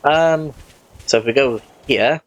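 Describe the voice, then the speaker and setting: A man's voice: mid-range voice, slow. Rambling man narrating gameplay. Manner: rambling, often corrects himself mid-sentence. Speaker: let's play host. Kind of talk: casual gameplay commentary.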